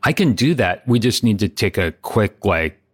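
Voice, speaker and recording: A middle-aged man on a comedy podcast, speaking in a lowish voice with a dry, deadpan delivery. He builds on his partner's jokes without ever breaking into a big performance, underplaying every punchline. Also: moderate pace. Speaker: podcast co-host.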